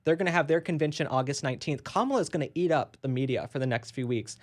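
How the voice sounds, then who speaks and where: Brief: woman guest pundit, lower voice, firm, emphatic opinions. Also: fast. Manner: emphatic, laughs often, opinionated. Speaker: political commentator guest. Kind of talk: political talk show discussion.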